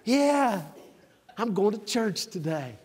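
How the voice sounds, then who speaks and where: Man in his 60s, preacher, high-pitched, emphatic sermon, reverberant hall. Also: very animated, slow. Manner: emphatic, rising to near-shouts then dropping to a conversational aside. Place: church.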